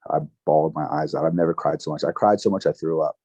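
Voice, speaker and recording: Low-voiced young man telling a personal story. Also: fairly even intonation, mellow, no echo, lo-fi sound, faint music behind. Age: 20s. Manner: casual, halting, many fillers and restarts; emotional, recounting grief. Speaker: guest.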